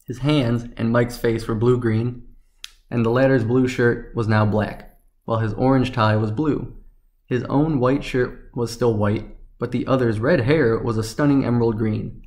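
A man narrating a science fiction story in a steady, even reading. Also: mid-range voice.

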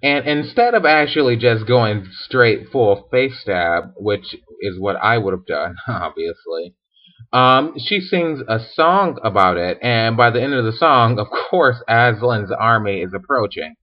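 Tipsy man, sarcastic, giggly, lively pitch, slow pace, dull lo-fi sound. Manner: giggling, sarcastic, profane retelling. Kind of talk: casual vlog storytelling. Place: hotel room. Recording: dull lo-fi recording.

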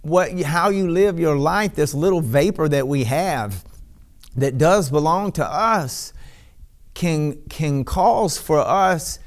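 A man preaching a sermon, speaking slowly with many restarts and breaking into ecstatic shouts of praise. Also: fairly high pitch, lively intonation. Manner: bursts into ecstatic shouts and hallelujahs; slow, halting delivery with many restarts.

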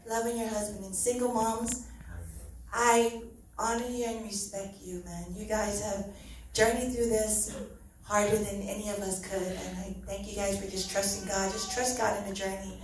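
A woman's voice: medium pitch, fairly even intonation, moderate pace, slight background noise. A middle-aged woman giving an earnest, heartfelt church testimony, often laughing as she speaks. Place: church hall. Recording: very echoey hall, mic from far off.

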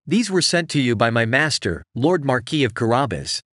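A man's voice: mid-range voice, sing-song, moderate pace, a bit bright, no echo, clean studio sound. Puss in Boots, a sly talking cat, read by a man.

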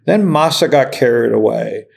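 A middle-aged man speaking as an investor guest in a casual podcast interview, blunt, cynical and quick to swear. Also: mid-range voice, gravelly, crowd noise.

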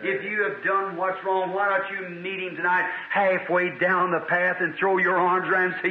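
A man's voice: high-pitched, little pitch movement, normal speed, hardly any pauses. A man preaching a revival sermon, telling a story in a fervent, folksy way. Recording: tinny archival hall recording.

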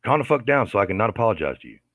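A man rants in an aggravated, profanity-laced commentary, circling back over the same complaint. His voice sits very low with a gravelly fry. The sound is dry and close. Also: big pitch swings, rapid-fire, fairly bright tone, no room sound. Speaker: livestreamer. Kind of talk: angry commentary rant.

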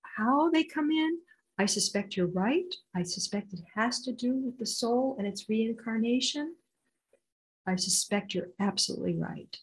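An older woman, an intuitive healer being interviewed, telling stories with lively acted-out quotes. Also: fairly high pitch, measured pace, rough recording. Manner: animated, acts out quoted voices. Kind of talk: storytelling interview answer.

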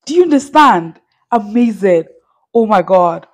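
A woman's voice: medium pitch, lively intonation, unhurried. A woman hosting a reaction vlog, gushing and full of exclamations as she talks casually to her viewers. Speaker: reaction channel host.

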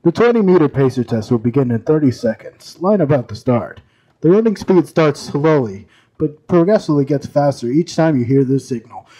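A man imitating a flat, monotone recorded announcer reading fitness test instructions. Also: a little high, moderate pace, a little hiss or hum, pitched below the performer's own voice, close to an everyday voice, rough recording. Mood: deadpan. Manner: monotone reciting.

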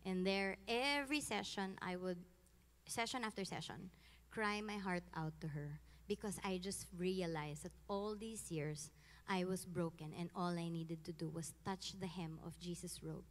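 A woman's voice: on the low side, normal speed, long reverb tail. Chatty Filipino woman telling her testimony. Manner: animated, switching between English and Tagalog, laughing often. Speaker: guest giving a faith testimony. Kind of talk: personal testimony, casual storytelling.

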